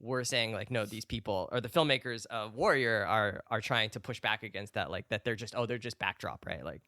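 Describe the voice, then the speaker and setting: A man's voice: fairly low pitch, a little fast, sharp tone, dry recording, clean studio sound. A man co-hosting a podcast, casually explaining a film while rambling and filling his talk with "like". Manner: rambling, loaded with "like" fillers. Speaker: podcast co-host. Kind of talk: casual chat.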